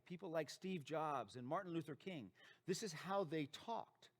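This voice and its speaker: A man's voice: fairly high pitch, animated, measured pace. A man with a slightly raised voice delivering a motivational presentation. He speaks emphatically and leans on repetition to drive his points home. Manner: emphatic, repeats key phrases for effect. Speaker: dentist and practice founder giving a talk.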